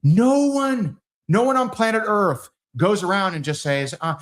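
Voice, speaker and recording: A middle-aged man leading a live sales training, acting out conversations with big swings in his voice. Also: unhurried. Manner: animated, acts out dialogues with big pitch swings.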